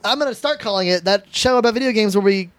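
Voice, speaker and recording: High-voiced man hosting, chatty and laid-back. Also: fast talker, fairly bright tone, dry recording. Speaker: podcast host presenting news. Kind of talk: casual chat.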